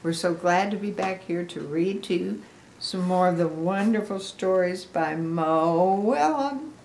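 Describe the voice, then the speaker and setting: A woman's voice: lowish voice, a little slow, darkish tone, reverberant, a little hiss or hum. An older woman, a grandmother, reading a picture book aloud to children on video, chatty and asking them questions. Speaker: storybook reader.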